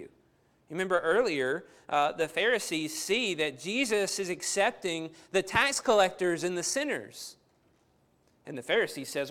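Earnest high-voiced male preacher. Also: fairly bright tone. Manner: earnest, emphatic, repeats words as he builds a point. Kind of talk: sermon.

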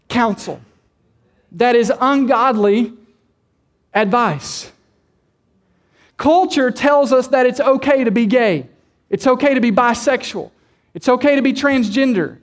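A male pastor with an extremely high-pitched voice preaches a sermon in church. He addresses the congregation with direct questions, stretching and repeating key words for emphasis.

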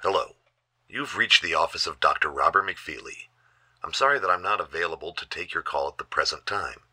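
A man's voice: low voice, a little fast, sharp tone, breathy edge, exaggerated voice. An actor playing a stern, demanding male doctor who talks in a clipped, formal way. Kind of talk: audio drama acting.

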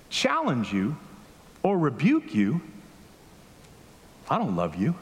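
Animated male preacher in a reverberant hall. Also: a little high, takes it slowly, pauses often. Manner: animated storytelling, questions to the congregation. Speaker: pastor. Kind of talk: conversational sermon. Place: church hall with a congregation.

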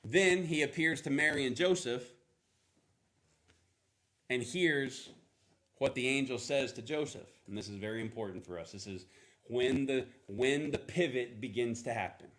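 A man preaching a sermon in a casual, animated storytelling manner, acting out playful voices. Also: mid-range voice, normal speed. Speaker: pastor.

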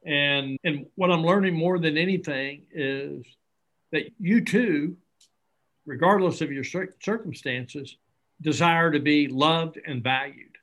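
A man's voice: a little high, slow pace. A middle-aged man, an interview guest who founded a charity, telling stories earnestly and acting out bits of dialogue. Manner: earnest, animated, acts out dialogue. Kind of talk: conversational storytelling.

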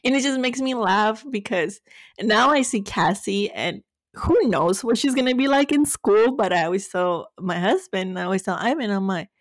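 A woman's voice: medium pitch, moderate pace, no echo. A woman in her thirties co-hosting a podcast, telling stories animatedly with frequent laughter in a casual chat. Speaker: podcast co-host.

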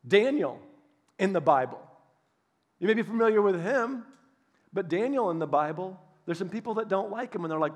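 High-voiced preacher telling stories animatedly. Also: male voice, moderate pace. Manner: animated storytelling, acts out voices of biblical figures. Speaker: pastor. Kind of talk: sermon.

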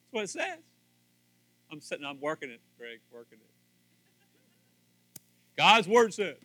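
A man preaching a sermon on marriage, swinging from quiet asides up to loud, fervent emphasis. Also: huge pitch swings, a little slow, dry recording, soft background music. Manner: rising to loud fervent emphasis, then dropping low; acts out little scenes in voices. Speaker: pastor.

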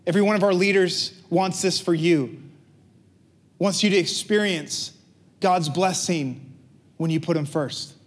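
Guy pastor preaching, high voice, chatty, asks the crowd stuff and cracks jokes. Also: measured pace, long pauses. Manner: conversational, joking preaching with rhetorical questions. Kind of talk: sermon.

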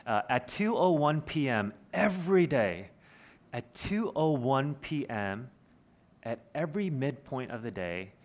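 A man's voice: medium pitch, expressive, unhurried. A man, preaching a sermon in an earnest, conversational way with personal stories. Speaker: pastor.

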